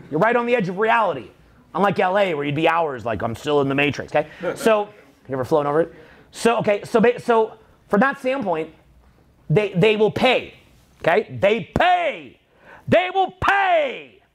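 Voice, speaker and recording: A middle-aged man with a high, restless voice rants like a coach, cursing freely and leaping into shouted lines. His pitch swings all over as he pushes each point. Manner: animated, swearing, bursts into shouted quotes. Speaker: dating and social skills coach. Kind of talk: profane motivational rant.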